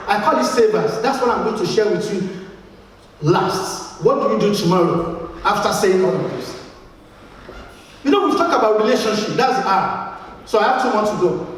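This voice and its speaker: A man's voice: very high voice, slight background noise. A Nigerian-accented man giving a motivational speech to a live audience, emphatic, repeating words and asking the crowd questions. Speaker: motivational speaker. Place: large event hall. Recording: echoey hall, voice from far off.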